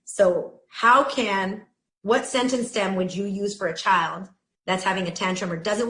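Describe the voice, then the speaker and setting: A woman hosting an interview, chatty and animated, acting out children's complaints while asking questions. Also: mid-range voice, unhurried. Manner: chatty, animated, acts out kids' voices. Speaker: host, interviewer. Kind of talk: casual interview. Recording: roomy echo.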